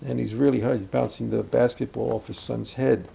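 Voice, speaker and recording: A man's voice: mid-range voice, steady tone, brisk, vocal fry, mellow, slight background noise. An older man, an acting teacher, speaking reflectively about character in a conversational interview, rambling with asides and restarts.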